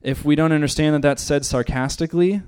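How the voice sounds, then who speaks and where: A man's voice: on the high side, steady tone, fast, a little mellow, clear, resonant tone. A man from the United States teaching a Bible study in a conversational way, with joking asides. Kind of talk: church teaching.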